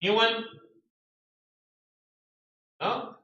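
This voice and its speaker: A high, bright-voiced man teaches a class slowly, reading words and explaining them. He is heard from far across a very echoey classroom, and the sound is dull and lo-fi. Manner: reads word lists aloud, explains with acted examples. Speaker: English teacher. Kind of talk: classroom vocabulary lesson.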